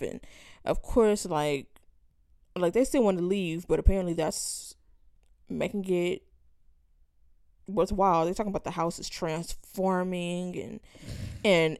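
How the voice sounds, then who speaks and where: A woman's voice: fairly low pitch, a little mellow, dry recording, clean studio sound. A woman co-hosting a podcast, chatting casually about a novel with lots of fillers and acting out the characters' lines. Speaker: podcast co-host. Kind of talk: casual book club chat.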